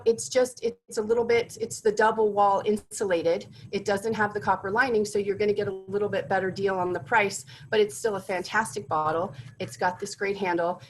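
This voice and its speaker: A woman's voice: medium pitch, a little hiss or hum, low-quality recording. A woman presenting corporate gift drinkware in a product demonstration, enthusiastic and gushing about each item.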